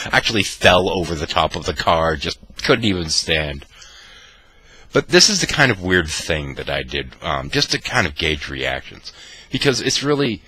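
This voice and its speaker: An extremely deep-voiced man tells a wry personal story with mock-dramatic flair. His gravelly, husky voice has a bright, forceful edge, and his pitch swings widely as he acts out the scene. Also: no echo. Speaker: vlogger. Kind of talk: anecdotal storytelling.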